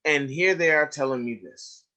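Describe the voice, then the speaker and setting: A man's voice: a little high, moderate pace. A middle-aged man giving a webinar lecture to educators, telling classroom anecdotes in a conversational way and acting out the people he quotes. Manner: animated storytelling, acts out quoted students, drops to a hush for asides.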